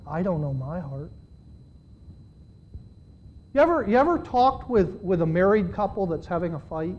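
A man's voice: high-pitched, big pitch swings, normal speed, pauses often, highs cut off. A dramatic, conversational preaching man. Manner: dramatic, with big swings in loudness; conversational, with direct questions to the congregation. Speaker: pastor. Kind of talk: sermon.

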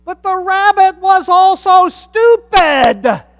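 High-voiced preacher, animated sermon, storytelling with humor, hushed reflection to loud emphasis. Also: slow pace, dry recording. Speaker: pastor.

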